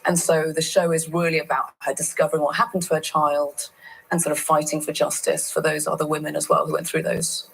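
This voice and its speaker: Low-voiced woman chatting as a guest. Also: flat delivery, fairly quick, vocal fry, slightly rough, rough recording. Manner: chatty, hesitant restarts. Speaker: guest actor. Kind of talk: talk show interview.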